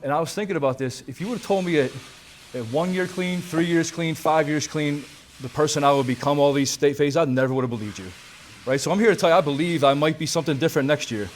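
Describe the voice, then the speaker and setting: Fast-talking man. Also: a little high, a little hiss or hum. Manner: casual and candid, fillers like "man" and "dude", swears. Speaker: banquet speaker at a recovery conference. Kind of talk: personal recovery talk to a crowd. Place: banquet hall with a crowd.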